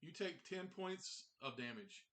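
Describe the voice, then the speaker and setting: Man, game master, tabletop game narration, stop-and-start delivery, bright timbre, video call audio. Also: a little high, animated. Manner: halting, restarts and repeats words.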